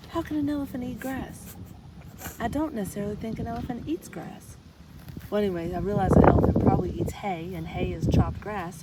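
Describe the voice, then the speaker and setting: A woman's voice: medium pitch, noisy background. A woman from Texas telling stories in a casual, chatty vlog, talking to the animals around her. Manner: chatty, storytelling, talks to animals. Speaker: chiropractor vlogger. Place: outdoors on a ranch and in a car.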